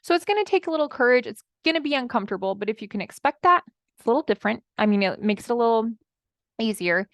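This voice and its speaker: A woman's voice: on the high side, lively intonation, fast, dry recording, studio quality. A woman in her thirties giving a chatty motivational talk as a marriage coach, speaking straight to her listeners and acting out her clients' words. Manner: chatty, addresses listeners as friends, acts out quoted clients.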